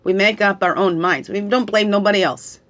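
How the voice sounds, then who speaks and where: A woman's voice: medium pitch, fairly quick, a bit bright. Woman, middle-aged, tearful spiritual reader; coaxing questions, frequent "right?", reflective pace. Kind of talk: reflective spiritual guidance talk.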